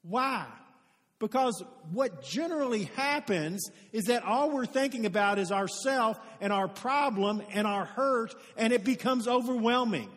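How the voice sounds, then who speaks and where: Male pastor, high voice, earnest sermon in a church hall with long reverb. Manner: earnest storytelling, rising to emphatic peaks. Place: church sanctuary.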